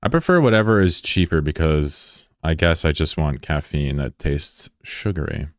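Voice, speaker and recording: A man's voice: a bass voice, expressive, normal speed, a bit bright, no room sound, clean studio sound. A young man chatting casually on a game livestream, joking and sarcastic in a rambling way. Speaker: game streamer.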